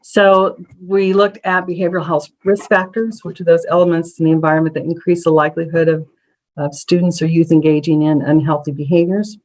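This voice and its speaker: A presenter at an advisory council meeting, explaining survey data slide by slide in a measured way with frequent ums and small restarts. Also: medium pitch, little pitch movement, poor audio.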